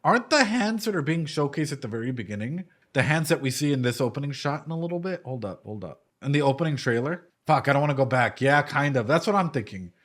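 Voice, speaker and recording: A young man, a psychologist, giving casual, animated reaction commentary from his streaming room, swearing freely. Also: on the high side, fast talker, hardly any pauses. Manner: animated, swearing, emotional, laughs and nearly cries.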